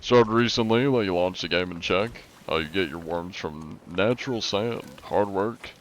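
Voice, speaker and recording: A young man talks in a loose, easygoing way while he plays, answering viewers' questions as they come in. His voice sits a little low. He sounds like a streamer chatting live. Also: moderate pace, slight background noise. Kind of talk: casual live-stream gaming chat.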